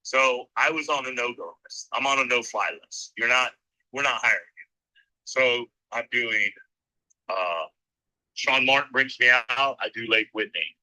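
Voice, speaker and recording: A middle-aged man who announces races talks through his memories in a loose, rambling way, and he acts out the lines other people said. His voice is very bright and cutting, with an everyday middle pitch. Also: unhurried, low-quality recording. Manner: rambling anecdotes, acting out quoted lines. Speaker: motocross race announcer. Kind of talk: casual storytelling interview.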